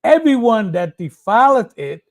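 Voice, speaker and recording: High voiced guy reading bible verses real slow and deliberate. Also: big pitch swings. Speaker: scripture reader. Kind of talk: reading scripture aloud.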